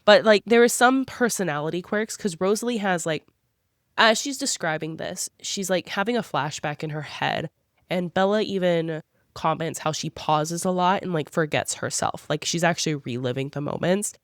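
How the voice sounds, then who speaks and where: A woman in easygoing podcast chat, her voice sitting on the lower side and lively as she jumps into little character voices. The sound is dry and close, with no room around it. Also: dry recording. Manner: animated, acts out characters' lines in quick voices. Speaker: podcast co-host. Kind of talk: casual book club chat.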